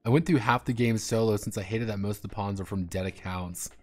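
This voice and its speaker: A man streaming, chatting casually and rambling through profane, animated tangents over faint background music. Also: fairly low pitch, fairly quick. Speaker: streamer and game designer.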